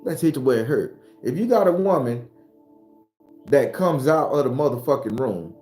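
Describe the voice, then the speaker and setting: A man delivers an unscripted spiritual talk, blunt and full of profanity. His voice is mellow and dark, and it jumps higher and louder when he gets worked up. The room is echoey, with faint music behind him. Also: lively intonation, normal speed. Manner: gets loud and high-pitched when fired up. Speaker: spiritual teacher.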